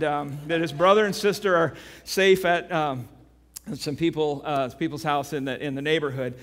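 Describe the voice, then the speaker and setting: A man preaching a sermon as pastor. He tells a story with animation and then turns quiet and earnest. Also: sits high. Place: church sanctuary. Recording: long reverb of a church hall.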